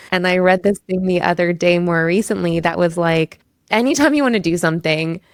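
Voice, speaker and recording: A woman's voice: fairly low pitch, creaky, dry recording, clean studio sound. A woman from Canada in her thirties, a lawyer and podcast guest, telling personal stories in candid, emotional casual chat, full of "like". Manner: candid, emotional storytelling with frequent "like".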